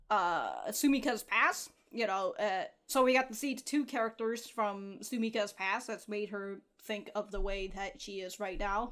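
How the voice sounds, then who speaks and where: Excitable young woman reacting with laughs. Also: on the high side. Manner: excitable, laughs often, swears casually, restarts sentences. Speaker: anime reaction host. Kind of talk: casual reaction commentary.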